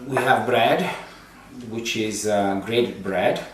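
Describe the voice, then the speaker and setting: Priest-host, casual and rambling, heard from across an echoey kitchen. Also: male voice, lowish voice, takes it slowly. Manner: chatty, playful, full of ums and uhs. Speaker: priest hosting a cooking show. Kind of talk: casual cooking demonstration. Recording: very echoey room, distant mic, faint noise.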